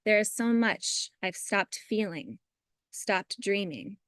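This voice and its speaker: A woman in her thirties, a poet, chatting brightly and then reading her poems over a video call. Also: mid-range voice, expressive, slow pace, clean tone, dry recording, clean studio sound. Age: 30s.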